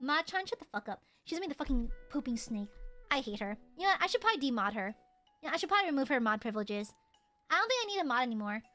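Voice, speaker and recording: Woman streamer, high bright voice, playful teasing chat, soft music behind. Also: very animated, fast talker. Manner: playful, teasing, swings between loud squeals and low mutters. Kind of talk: casual chat with viewers.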